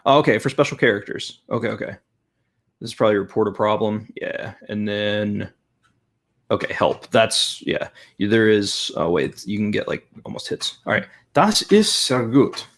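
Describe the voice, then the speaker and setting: Creaky-voiced man thinking aloud. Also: lowish voice, animated, normal speed, fairly bright tone. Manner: thinks aloud, chatty, repeats practice phrases. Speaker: language-learning channel host. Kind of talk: casual live stream, reviewing an app.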